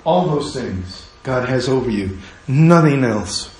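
A man preaching a sermon as pastor, shifting between quiet, intimate asides and rising, urgent calls to his congregation. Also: mid-range voice, expressive, slow, slight background noise. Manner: swings from hushed asides to rising exhortation. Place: church sanctuary. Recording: very echoey church room.

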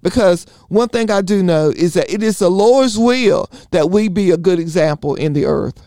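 A man's voice: high voice, normal speed, mellow, no echo, studio quality. A man leading a Bible study, preaching earnestly in rhythmic runs of repeated phrases. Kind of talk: preaching sermon.

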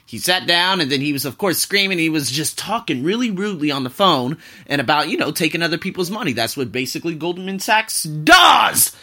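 A man's voice: on the high side, animated, quick pace, hardly any pauses, pushed and bright. A man hosting his own podcast in a casual monologue, profane and wandering off on tangents. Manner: loose and profane, drifting off on tangents. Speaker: podcast host.

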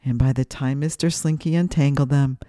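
A woman's voice: a bass voice, steady tone, brisk, warm tone, no room sound, clean studio sound. A woman hosting a children's podcast, reading a story aloud and guiding breathing exercises in a sing-song, guiding way.

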